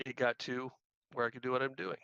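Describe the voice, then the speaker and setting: A man telling a casual, self-deprecating anecdote as a podcast guest, leaning on repeated phrases to make his point. His voice is bright and forward. The sound is dry and a bit dull, as if recorded on a modest mic. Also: mid-range voice, fast, creaky, clear, resonant tone, dry recording. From Missouri. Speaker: guest, activist trainer. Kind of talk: casual storytelling.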